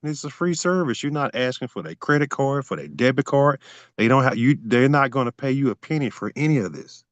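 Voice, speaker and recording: A man's voice: mid-range voice, expressive, brisk, no room sound. A man teaching a group on a video call, emphatic and repetitive, talking straight to his listeners. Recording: dull lo-fi video call audio.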